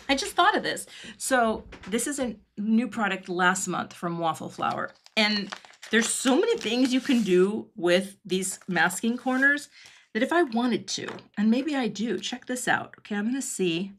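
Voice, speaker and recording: A woman's voice: fairly high pitch, animated, a little slow, fairly bright tone, slight background noise. A middle-aged woman hosting a casual card-making livestream from her home craft studio, thinking aloud as she works and answering viewer comments.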